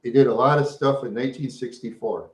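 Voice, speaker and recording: A man's voice: medium pitch, a little fast. A man hosting a live stream, chatting with viewers in a rambling, repetitive way. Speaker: livestream host. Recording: roomy echo.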